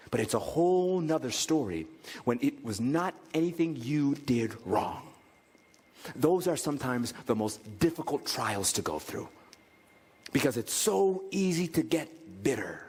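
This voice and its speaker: Animated male pastor preaching, bouncy pitch, long church echo. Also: moderate pace, slightly rough. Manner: animated, acts out quoted voices. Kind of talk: sermon. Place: church sanctuary. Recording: reverberant church hall.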